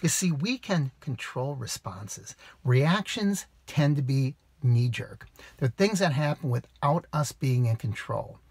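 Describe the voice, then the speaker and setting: Husky, animated man giving advice. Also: mid-range voice, takes it slowly, no room sound. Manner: earnest, preachy, animated, with rhetorical questions. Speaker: rideshare driver vlogger. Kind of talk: casual advice monologue to camera. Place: outdoors.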